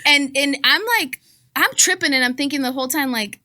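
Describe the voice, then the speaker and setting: A woman in her thirties with a Southern Californian accent, co-hosting a podcast and telling a story in a casual, animated way, often laughing. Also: high-pitched, fairly quick. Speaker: podcast co-host.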